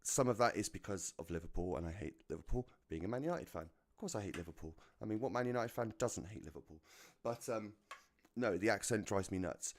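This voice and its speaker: A British man with a deep, low voice and a neutral, slightly posh-sounding accent talks casually while streaming a racing game. He rambles through tangents, drops the odd swear word and chuckles at his own jokes. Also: animated, fairly quick. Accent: neutral British English. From United Kingdom. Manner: chatty, swears freely, laughs at own jokes. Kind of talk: casual chat while gaming.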